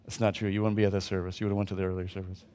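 A male pastor preaching a conversational sermon at a church service, swinging between loud emphasis and quiet asides to the congregation. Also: deep voice, flat delivery, rapid-fire, in a large hall.

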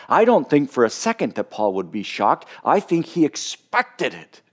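A male pastor delivers a sermon with real conviction, his pitch swinging widely as he builds and drops. He often restarts phrases, repeating a word before pressing on. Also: big pitch swings, normal speed, husky. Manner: impassioned, repeats words when starting phrases.

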